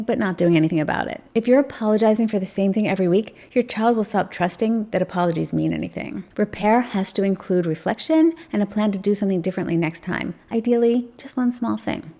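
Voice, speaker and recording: Female parenting coach, gravelly low-register texture, calm reassuring delivery, speaks to camera. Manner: gentle, reassuring, acts out sample phrases. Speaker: parenting channel host. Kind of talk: direct-to-camera advice talk.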